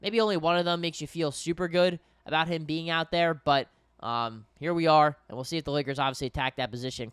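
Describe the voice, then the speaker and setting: A man's voice: fairly high pitch, fairly bright tone, clear, resonant tone, no echo, studio quality. A young man doing casual live play-by-play commentary, talking to viewers, a little tired and yawning. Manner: conversational, addresses viewers as guys. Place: home in New York.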